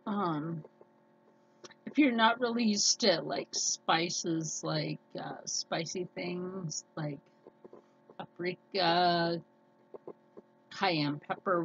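Woman, scratchy hoarse voice, nasal, rambling casual chat, muffled home recording, faint room hum. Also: fairly low pitch. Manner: rambling, chatty, many fillers and restarts. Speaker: cooking vlogger.

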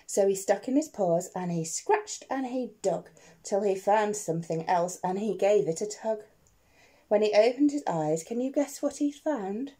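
A woman teacher reads a rhyming picture book aloud to children, putting questions to her young listeners. She takes her time and lets her pitch swoop up and down. Her voice is mellow and a little husky. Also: measured pace. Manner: expressive and playful, asking the listeners questions.

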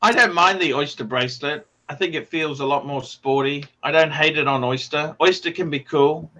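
On a casual livestream, a brash, profane male host reads out donation names in quick succession. His somewhat high voice is pushed and bright, at a moderate pace, over lo-fi sound.

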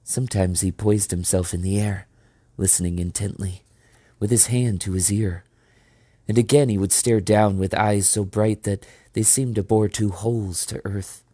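A man reading a children's novel aloud as storyteller, steady and measured. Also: on the low side, no echo.

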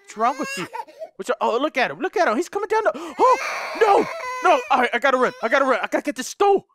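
A young man giving frantic let's play commentary, yelling, swearing and laughing at the game as he plays. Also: extremely high pitch, sing-song, very fast, background noise. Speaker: gaming YouTuber.

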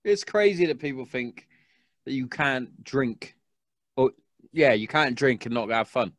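A man's voice: mid-range voice, animated, measured pace, no echo. Man in his thirties hosting, blunt. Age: 30s. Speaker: podcast host. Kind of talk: casual chat.

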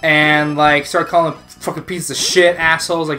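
A man's voice: on the high side, flat delivery, normal speed, pushed and bright. A man co-hosting a casual chat who rambles, swears and peppers his talk with fillers. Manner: rambling, profane, full of "like" fillers. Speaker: co-host. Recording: background music.

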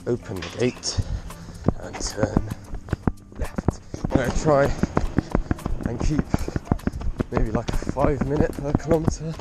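A young man vlogging to camera while running outdoors, excitable and swearing often, a bit out of breath. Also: mid-range voice, slow, long pauses, very noisy. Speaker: travel vlogger. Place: outdoors on rocky coast and beach. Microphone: phone held while moving.

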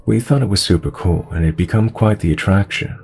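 Male horror narrator with a low, gravelly voice and a calm, measured read. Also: soft background music. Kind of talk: scripted horror story narration.

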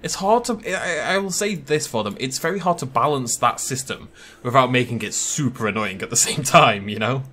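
A man's voice: medium pitch, moderate pace, pushed and bright. A young man giving casual, self-amused gameplay commentary from a desk mic, laughing often. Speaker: gaming YouTuber.

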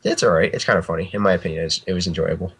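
A man's voice: low voice, fairly even intonation, rapid-fire, creaky, fairly bright tone, slightly rough, low-quality recording. A man chatting casually as a guest artist, rambling and restarting his sentences and laughing often. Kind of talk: casual chat.

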